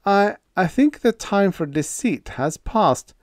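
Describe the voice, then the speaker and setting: A timid young spaceship officer in a sci-fi audiobook, his voice pitched well up and pushed a little loud, as a male narrator puts him on. He speaks blandly and hesitantly, stammering when flustered. The recording is close and dry. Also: lively intonation, takes it slowly, no room sound. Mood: sorrowful. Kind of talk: audiobook character voice.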